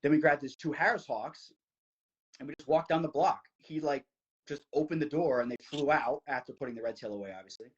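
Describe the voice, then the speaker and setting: A young man from New Jersey tells a story as a podcast guest, eager and quick, with lots of "like" fillers. His voice is somewhat husky and breathy. The audio is slightly muffled and lo-fi. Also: a little high. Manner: excited, fast, many "like" fillers. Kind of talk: casual storytelling.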